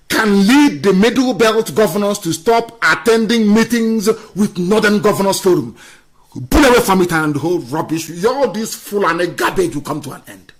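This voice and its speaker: A man delivering an impassioned political radio address, scornful and fiery, swinging between loud outbursts and quiet asides. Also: sits high. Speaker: radio broadcaster.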